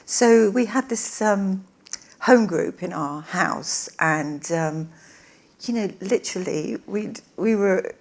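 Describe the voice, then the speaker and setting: A woman's voice: medium pitch, creaky. A woman, an interview guest, chatting on a conference stage and often laughing as she talks. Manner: giggly, quick to break into laughter. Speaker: interview guest, evangelist's wife. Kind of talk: casual stage conversation. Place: conference stage before an audience.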